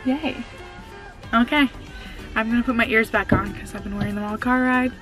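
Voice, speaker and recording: A young woman talks casually to her viewers from a car, rambling along with fillers and small laughs. Her voice sits a little high. Soft music plays faintly underneath. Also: steady tone, fast talker. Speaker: vlogger. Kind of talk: casual vlog chat.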